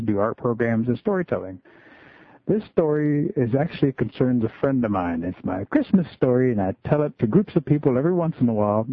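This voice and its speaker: Husky man telling a story by phone. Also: medium pitch, dry recording. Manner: relaxed folksy storytelling, many "just kinda". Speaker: school and community storyteller. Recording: tinny phone-like radio line.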